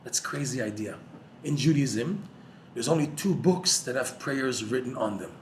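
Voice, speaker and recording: A man giving a lively Torah class to a live audience, joking and using Hebrew terms. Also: medium pitch, moderate pace, slight background noise. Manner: animated, jokey, uses Hebrew terms. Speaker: Torah teacher.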